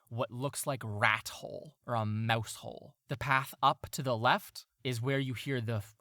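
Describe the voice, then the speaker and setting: A man's voice: mid-range voice, sharp tone, no echo, studio quality. A man narrating as game master of a tabletop game, describing scenes and laughing often.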